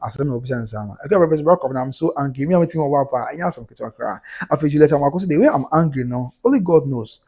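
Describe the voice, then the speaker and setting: A man's voice: medium pitch, lively intonation, quick pace, few pauses, warm tone, breathy edge. Ghanaian man reading comments on a livestream. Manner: reads viewer comments aloud and reacts, mixing Twi and English.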